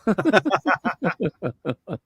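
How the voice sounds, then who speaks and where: A man's voice: high-pitched, huge pitch swings, drawn-out words, a bit bright, husky, no echo. A man hosting a casual live-stream chat. He reacts eagerly and repeats exclamations. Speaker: show host.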